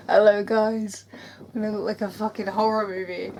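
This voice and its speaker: A woman's voice: medium pitch, flat delivery, fairly quick, darkish tone, a little hiss or hum. A woman, vlogging in a rambling, self-mocking way from an airbed in her bedroom. She is burnt out and tearful, and laughs often. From England. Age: 20s. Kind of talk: casual confessional vlog.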